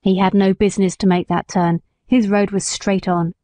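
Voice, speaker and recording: A woman reading the lines of a rough, hot-tempered male builder in an audiobook, speaking curtly. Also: mid-range voice, flat delivery, normal speed, warm tone, no echo, close to an everyday voice. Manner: rough and curt.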